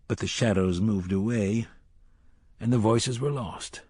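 A man narrating a story in a measured storytelling voice, raising his voice for the characters' lines. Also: lowish voice, dark tone, breathy edge, dry recording, studio quality. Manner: measured storytelling, lifts voice for dialogue. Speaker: audiobook narrator.

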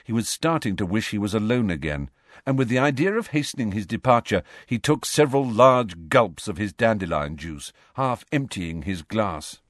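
A man narrates an audiobook, reading his script in a measured, expressive way. His voice is on the low side, and the studio-quality recording has no echo.

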